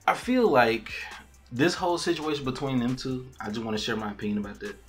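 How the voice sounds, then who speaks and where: A man hosting a podcast, casually recapping a TV episode in slangy, profane talk and acting out the characters' lines. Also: medium pitch. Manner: animated storytelling with quoted character lines and laughs. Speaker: podcast host.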